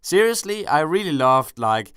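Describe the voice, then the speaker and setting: Lively, rambling young man commentating gameplay. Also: fairly high pitch, normal speed, clear, resonant tone, no echo, clean studio sound. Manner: rambling, self-correcting, swears casually, jokey. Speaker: gaming commentator. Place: at home, kneeling without a chair.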